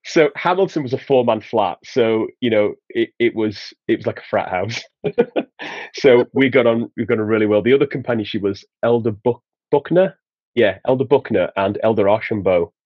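A man's voice: lowish voice, normal speed, no room sound, highs cut off. A man from Sheffield with a Yorkshire accent, chatting as a podcast guest and telling anecdotes with a laugh. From England, Sheffield. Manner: chatty, laughs through his anecdotes, many restarts. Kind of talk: casual storytelling.

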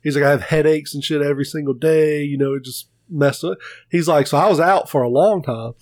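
A man on a casual podcast tells stories with plenty of swearing, slipping into the voices of the people he quotes. His voice sits a little high for a man. The sound is dry and close, with no room echo. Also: brisk. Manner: profane, animated retelling with quoted voices. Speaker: podcast co-host. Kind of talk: casual chat, storytelling.

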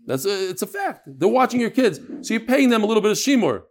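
A man's voice: high-pitched, big pitch swings, quick pace. A man, teaching a Talmud class and telling stories with Hebrew and Yiddish terms.

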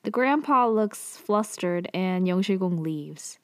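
A woman's voice: lowish voice, animated, takes it slowly, darkish tone, no echo, studio quality. A woman casually recapping a TV drama's plot, full of "like" and "um" fillers and offhand asides.

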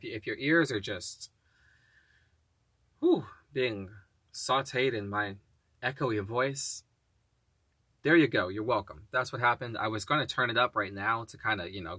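A man hosting his own podcast, speaking in an upbeat, encouraging way and slowing down to read affirmations. His slightly low voice has a bright, forceful edge. The sound is dry and close, with no room echo. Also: slightly rough. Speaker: podcast host. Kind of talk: casual solo podcast talk with spoken affirmations.

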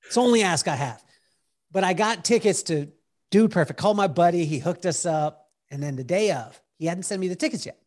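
A man telling animated stories as a podcast guest, acting out what people said and breaking into song, with halting restarts when he explains a point. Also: sits high. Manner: lively storyteller who acts out quotes and sings bits. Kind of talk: animated storytelling in conversation.

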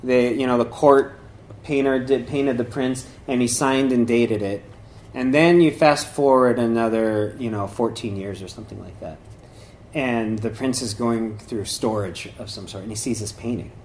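A man's voice: medium pitch, moderate pace, a little mellow, a little hiss or hum. A man giving an informal talk on meditation and yoga traditions, rambling conversationally with many fillers and restarts. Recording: echoey room.

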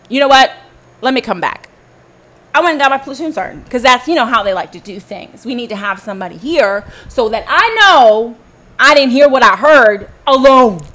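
A woman's voice: fairly high pitch, fairly bright tone. A woman from the States, telling her own story in an angry, profane monologue and often speaking straight to her listeners. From Southern United States. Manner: profane, confrontational, addresses listeners directly.

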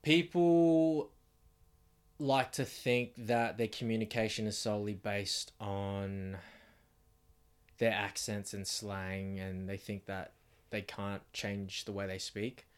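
A man with an Australian accent co-hosting a casual podcast from a home bedroom, laying out his ideas step by step in a loose, relaxed way. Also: lowish voice, slow, clear, resonant tone. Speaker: podcast co-host.

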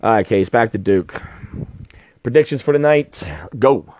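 A man's voice: mid-range voice, measured pace, a little mellow. A middle-aged man hosting a sports podcast in casual chat, blunt and opinionated, swearing freely, on a dull lo-fi recording. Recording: dull lo-fi sound.

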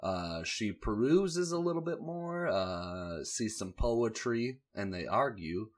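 A man's voice: on the low side, expressive, slow, hardly any pauses. A man casually recapping a show with sarcastic, profane asides and offhand jokes. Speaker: video host recapping a show.

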